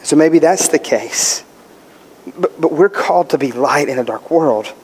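A man's voice: on the high side, a little slow, darkish tone, husky. A male pastor preaching a sermon, emphatic, posing questions and answering them himself. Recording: long hall reverb.

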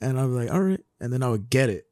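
A young man talks in a laid-back, rambling way on a podcast, with a mid-pitched voice and plenty of swearing. The sound is dry and close, with little room echo. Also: fairly even intonation, racing, a little mellow. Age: young adult. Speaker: podcast co-host. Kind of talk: casual chat.

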